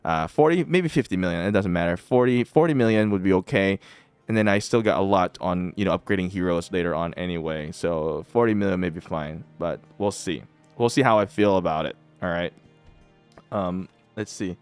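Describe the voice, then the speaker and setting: A man's voice: sits low, brisk, clean tone, no echo, faint music behind. A man hosting a gaming channel, chatting casually as he plays and often breaking into laughter while repeating himself. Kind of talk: casual game commentary.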